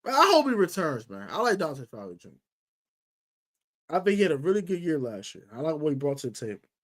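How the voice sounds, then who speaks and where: A woman hosting a sports podcast, delivering an exasperated, scolding live-streamed rant full of slang, swinging between loud outbursts and low muttering. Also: sing-song, fast talker.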